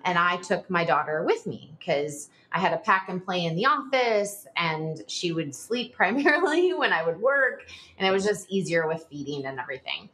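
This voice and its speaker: Chatty woman with a lively pitch. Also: moderate pace, hardly any pauses. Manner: chatty, frequent "like" fillers, nervous laughs between phrases. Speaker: podcast guest. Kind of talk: personal storytelling in a podcast interview.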